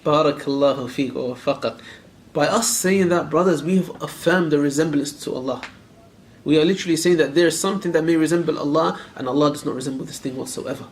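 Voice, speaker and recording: A man teaching a room of students, his voice sitting a little high and moving at a quick clip. He presses them with direct questions and repeats phrases for emphasis. Verses are recited quickly, and a faint hum of ambience sits beneath him. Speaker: Islamic teacher. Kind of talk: classroom lecture on a creed text.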